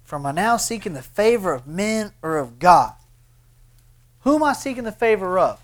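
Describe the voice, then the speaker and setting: A man preaching a sermon, swinging between loud impassioned bursts and hushed, intense lines. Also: sits high, sing-song, moderate pace. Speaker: pastor.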